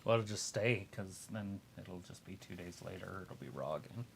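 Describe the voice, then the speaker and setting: A man's voice: low voice, normal speed, vocal fry, a little hiss or hum. A laid-back man co-hosting a livestream, chiming in with short remarks from away from the microphone. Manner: laid-back, short interjections from across the room. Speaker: co-host. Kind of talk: casual chat on a livestream. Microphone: off-mic, away from the host's microphone.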